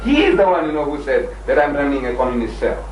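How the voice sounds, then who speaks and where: A man makes his case in a debate with emphatic, argumentative force, slipping into little performances of the people he quotes. His voice sits a bit high, and he is heard from a distance in an echoey room. A faint hiss runs underneath the whole old recording. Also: big pitch swings, fast talker. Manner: emphatic, argumentative, acts out voices when quoting. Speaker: religious debater. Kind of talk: lively debate with dramatized quotes. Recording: echoey room, far from the mic, faint noise.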